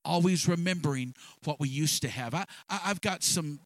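A man preaching a sermon, reading scripture slowly and swinging between loud, emphatic bursts and soft, low asides. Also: no echo. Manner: reads scripture slowly with stretched words. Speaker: pastor.

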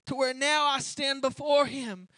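High-voiced woman preaching with fervor. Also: fairly even intonation, a little slow, dry recording. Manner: impassioned, swinging from hushed to shouted; repetitive pleading appeals. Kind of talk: sermon.

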